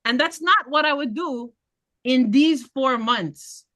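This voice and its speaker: Woman candidate, punchy bright voice, blunt and fired up at a town meeting. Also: high voice, slow pace. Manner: passionate, blunt, laughing asides. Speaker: political candidate. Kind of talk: community meeting talk.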